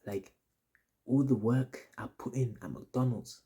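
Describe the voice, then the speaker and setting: A man's voice: medium pitch, slow, warm tone. A young man telling a story to his audience in a casual, rambling, slang-heavy way, repeating himself often. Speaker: vlogger.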